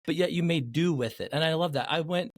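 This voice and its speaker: A man hosting a podcast interview, an animated storyteller who acts out the people he quotes. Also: on the high side, fast talker, dry recording, clean studio sound. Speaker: podcast host.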